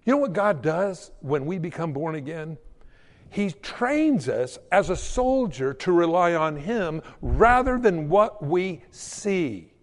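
A man preaching a sermon as pastor, telling a story and reading scripture, with sudden swings in pitch and loudness. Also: very animated, slow. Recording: long hall reverb.

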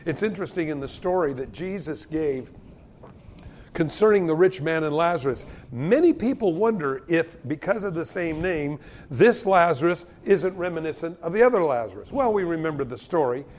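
A man's voice: fairly high pitch, moderate pace. A man preaching a sermon as pastor, telling the stories with energy and acting out the voices of the people in them. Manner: animated storytelling, acting out quoted voices.

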